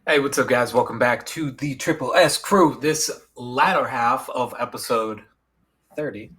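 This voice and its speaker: A man's voice: medium pitch, measured pace, fairly bright tone, faint music behind. A man co-hosting a casual podcast, joking in playful banter. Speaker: podcast co-host.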